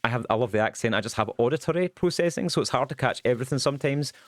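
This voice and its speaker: A man's voice: mid-range voice, lively intonation, dry recording. Goofy chatty man streaming. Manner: goofy, chatty, quick bursts with many ums. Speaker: game streamer. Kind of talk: casual livestream chat while gaming.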